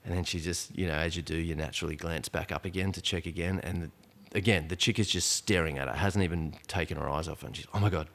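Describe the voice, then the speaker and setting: A man telling a tense story in casual podcast chat, animated and full of asides. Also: sits low, fast, vocal fry, hardly any pauses. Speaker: podcast guest. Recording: long reverb, echoey room.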